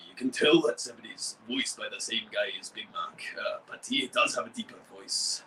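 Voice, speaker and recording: A man's voice: lowish voice, normal speed, hardly any pauses, bright, forceful tone, recorded from a distance, a little hiss or hum, low-quality recording. A young man hosting a model-building video, chatting casually and rambling with frequent restarts. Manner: rambling, many fillers and restarts. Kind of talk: casual chat.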